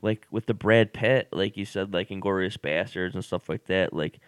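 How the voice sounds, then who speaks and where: A podcast co-host with a low voice rambles through casual chat at normal speed, full of fillers and restarts. The sound is dry and studio-clean.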